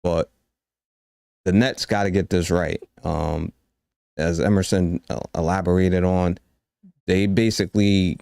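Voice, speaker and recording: A man co-hosting a sports talk podcast, giving his take in a measured way and thinking aloud. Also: deep voice, creaky, a little mellow, clear, resonant tone, no room sound, studio quality. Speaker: podcast co-host. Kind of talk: casual sports debate.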